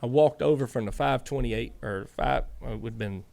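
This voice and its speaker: A man's voice: medium pitch, a little fast, vocal fry. A man, a former crew chief and podcast guest, telling long stories in a casual interview and acting out what each person said. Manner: animated storyteller, acts out quoted dialogue.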